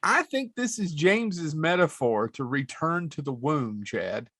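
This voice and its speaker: A man's voice: on the high side, a little slow, no echo, clean studio sound. A man co-hosting a podcast, chatting casually and joking loosely. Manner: joking, lively, swearing. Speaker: podcast co-host. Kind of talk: casual chat.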